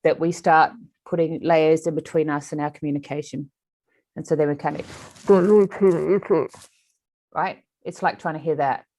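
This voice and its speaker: Animated woman telling a story. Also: deep voice, moderate pace, long pauses. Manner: animated storyteller with many restarts. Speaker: animal communicator, interview guest. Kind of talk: storytelling in an interview.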